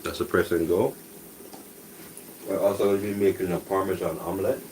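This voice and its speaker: A man hosting a live cooking stream, talking softly and casually to viewers while he cooks breakfast. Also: low-pitched, fairly quick, a little hiss or hum, poor audio. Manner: talks softly, relaxed and chatty. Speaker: cooking channel host. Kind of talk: soft-spoken live cooking stream chat. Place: home kitchen with cooking noise behind.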